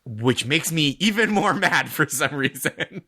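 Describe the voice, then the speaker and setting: Comedian guest, male, bright and forward tone, wry chatty delivery, video call. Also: fairly high pitch, expressive, measured pace, breathy edge, no echo, clean studio sound. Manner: wry, chatty storytelling with frequent laughs. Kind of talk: casual podcast chat over video call.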